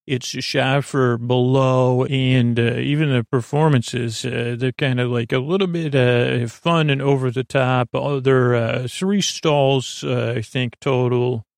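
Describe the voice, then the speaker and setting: A man's voice: mid-range voice, fairly even intonation, unhurried, gravelly, hardly any pauses, no room sound, studio quality. A man hosting a podcast, giving a rambling, filler-heavy casual retelling of a TV episode. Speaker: podcast host.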